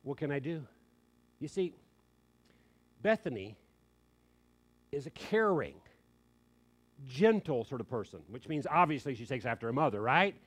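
A man's voice: mid-range voice, a little slow, long pauses. An older man preaching a sermon, telling a family story in an earnest, conversational way. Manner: earnest, conversational, quoting others in lively asides.

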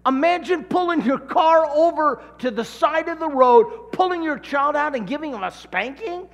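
A middle-aged man from California preaching a sermon, telling a childhood story with lively acted-out voices. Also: extremely high pitch, moderate pace. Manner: animated storyteller, acting out voices. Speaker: pastor. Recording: long hall reverb.

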